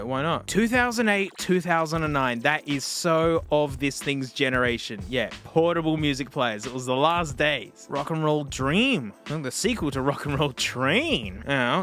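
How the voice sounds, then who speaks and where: A man, reviewing old music players on camera in a casual, excitable way, laughing and talking to the device. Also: fairly high pitch. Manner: excitable, animated, laughs often, talks to the device. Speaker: tech YouTuber.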